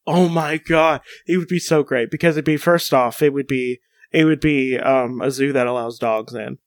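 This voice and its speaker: Excited rambling young man, dry sound. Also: medium pitch, normal speed, no echo. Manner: enthusiastic, rambling with many restarts. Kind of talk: casual chat.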